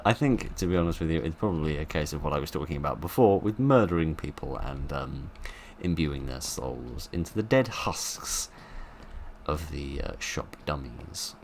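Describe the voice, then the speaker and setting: Deep-voiced wry man. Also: animated, normal speed, darkish tone, a little hiss or hum. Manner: wry, playful, rambling asides. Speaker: gaming video host. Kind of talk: let's play commentary.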